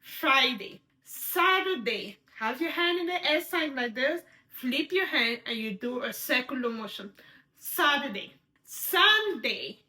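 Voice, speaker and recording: Female sign language teacher, high bright voice, patient and repetitive, checks in often. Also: expressive, slow. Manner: patient, repeats each sign word, checks in with "right?". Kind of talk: step-by-step instruction.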